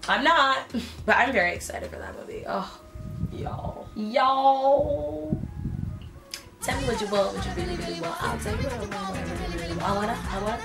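A young woman chatting casually and playfully in slang while doing her makeup at home for her vlog. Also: mid-range voice. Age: young adult. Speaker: beauty vlogger. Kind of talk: casual get-ready-with-me chat.

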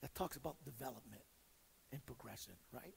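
In a big room with slight background noise and poor audio, a male pastor with a mid-range, raspy, gravelly voice preaches fairly quickly. He mixes stories and teaching, stays direct and joking, pokes fun at himself, and tends to repeat and restart words.

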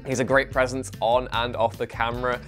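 A man's voice: medium pitch, little pitch movement, brisk, faint music behind. A man ranting animatedly in a casual panel chat, swearing and mocking film characters. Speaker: regular panelist.

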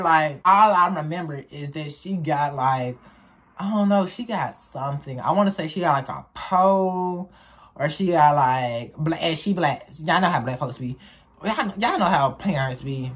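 A woman's voice: sits low, husky. A young woman, chatting casually as she tells a story from her school days to her viewers. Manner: chatty, animated storytelling with slang.

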